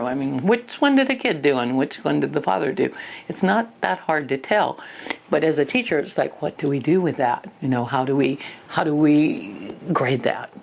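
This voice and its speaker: An older woman giving a spoken lesson to parents, talking in an animated way and acting out little parent and child exchanges. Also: rumbling low, vocal fry. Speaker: parenting educator.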